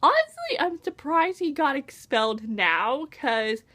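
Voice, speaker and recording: A woman's voice: high voice, very animated, moderate pace. A young woman reviewing a book in a casual vlog, gushing and exasperated, full of exclamations.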